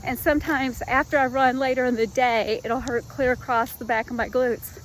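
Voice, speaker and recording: A woman's voice: high-pitched, fairly even intonation, moderate pace. A woman in her fifties, out of breath after a run, talking to her viewers in an earnest, chatty way and calling them y'all. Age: 50s. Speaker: fitness vlogger. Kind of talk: casual heartfelt talk to camera.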